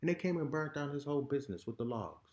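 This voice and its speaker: A man's voice: mid-range voice, expressive, fast, darkish tone. A man talking candidly as a podcast guest, blunt and heated, with frequent swearing. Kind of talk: raw candid conversation. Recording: roomy echo.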